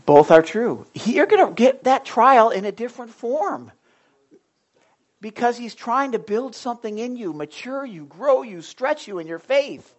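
A pastor preaching a sermon in a loose, conversational way, with jokes and asides to the congregation. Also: male voice, very high voice, big pitch swings, unhurried, highs cut off.

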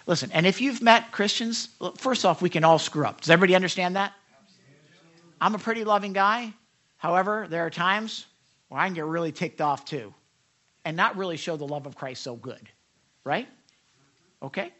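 A man's voice: on the high side, normal speed, pauses often, fairly bright tone. A man preaching a sermon, talking conversationally, asking the congregation questions and acting out quoted voices. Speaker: pastor.

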